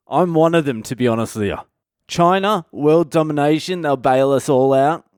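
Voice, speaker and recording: A middle-aged man delivers a sardonic comic monologue and swears freely. His voice is smooth and resonant. It is recorded close and dry, with no room sound. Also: mid-range voice, no room sound. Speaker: comedian podcast host. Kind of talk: comic monologue reading comments aloud.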